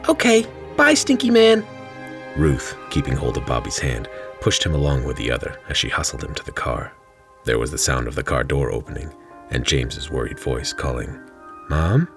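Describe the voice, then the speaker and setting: A man's voice: a bass voice, steady tone, brisk, gravelly, music in the background. A man reading his own fantasy short story aloud in a dry, wry narrating manner.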